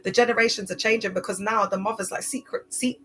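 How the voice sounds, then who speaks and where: A woman's voice: mid-range voice, fairly even intonation, fast, soft background music, rough recording. A woman, hosting a casual livestream, chatty and full of slang, often repeating herself. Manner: chatty, repetitive, slangy, swings loud and soft. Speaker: livestream host. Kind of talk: casual live-stream talk.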